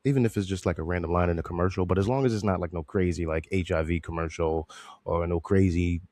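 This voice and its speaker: A man's voice: low voice, fast talker, a little mellow. A man hosting a podcast, chatting casually and rambling, joking and laughing often. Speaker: podcast host reviewing a movie. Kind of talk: casual slangy chat.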